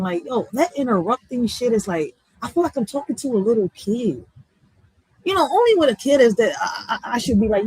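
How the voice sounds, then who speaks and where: A woman from Philadelphia with a Philly accent, ranting bluntly and with a lot of swearing, going from loud outbursts to low muttering. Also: slightly rough, no room sound, rough recording. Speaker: vlogger. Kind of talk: heated profane rant.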